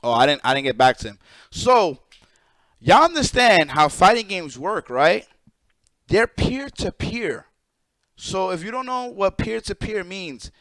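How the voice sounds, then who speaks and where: A high-pitched man on a live stream, ranting loosely and cursing freely as he explains things to his chat. His voice sits close and dry on the mic, with no room sound around it. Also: no room sound. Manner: profane, animated, talks to chat. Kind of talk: casual live-stream rant.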